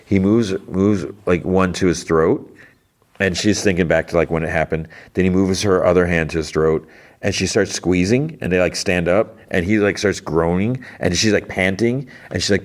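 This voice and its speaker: A man hosting a podcast, casually retelling a TV episode scene by scene, full of "like" and sarcastic asides. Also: low voice. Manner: retells scenes with quoted dialogue, lots of "like". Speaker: podcast host.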